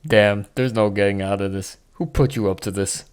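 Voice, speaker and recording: A man's voice: lowish voice, steady tone, normal speed, clean tone. A man casually playing a video game, reading dialogue choices aloud and laughing at the results. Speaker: let's play host. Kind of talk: casual gameplay commentary.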